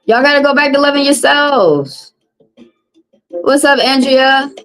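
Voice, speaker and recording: A woman's voice: sits high, lively intonation, unhurried, soft background music, poor audio. Blunt woman, casual live-stream tarot reader talking straight to her chat.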